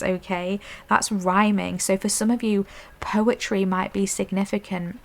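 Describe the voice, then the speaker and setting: An intuitive tarot reader, a woman, gives a gentle, affirming pick-a-card reading, frequently checking in with "okay?" and "I'm hearing." Her voice sits at medium pitch, with a flat delivery and a measured pace.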